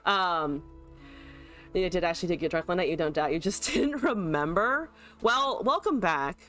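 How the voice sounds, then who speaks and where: A woman's voice: fairly low pitch, animated, moderate pace, a bit bright, faint music behind. A woman streamer casually commentating her card game, joking, laughing and swearing freely.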